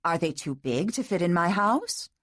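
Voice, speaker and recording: Woman reading wealthy hostess, charming, breezy, lowish, dry. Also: very animated, takes it slowly, fairly bright tone, dry recording, full character voice.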